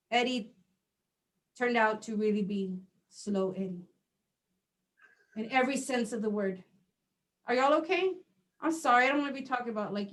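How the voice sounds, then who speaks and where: Animated middle-aged woman doing stand-up. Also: a little high. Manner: animated storytelling, acts out dialogue. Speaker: stand-up comedian. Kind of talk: stand-up comedy set.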